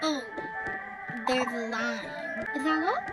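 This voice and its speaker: Little kid playing a phone game and talking it through, high and slow, thinks out loud. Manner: chatty, thinks aloud while playing. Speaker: game player narrating a let's-play. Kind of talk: let's-play narration with role-play. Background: cheerful game music.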